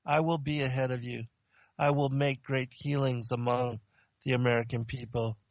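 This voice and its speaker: A stern male angel of God delivers slow, solemn warnings, as a man retells his words. The voice drops a little lower and keeps a gravelly edge. The recording is dry and dull. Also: level tone, dry recording, close to an everyday voice. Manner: solemn, slow, commanding pronouncements.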